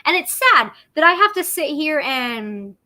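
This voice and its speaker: A woman hosting a casual livestream chat, talkative and quick to laugh. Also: sits high, expressive, bright, forceful tone. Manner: chatty, laughs often. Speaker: livestream host.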